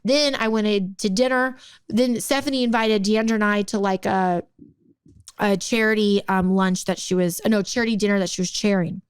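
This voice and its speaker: A woman in her thirties, from the United States, co-hosting a podcast and telling a story in a casual, animated way, peppered with "like". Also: mid-range voice, normal speed, clean tone, no echo. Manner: animated, acts out quoted people, frequent "like". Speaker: podcast co-host.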